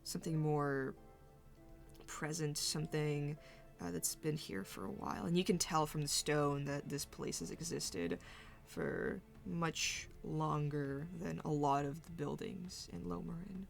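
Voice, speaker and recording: A woman game master narrates a tabletop role-playing scene in a low voice. She speaks slowly and haltingly, pausing often to search for her words. Soft music plays faintly underneath. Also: creaky.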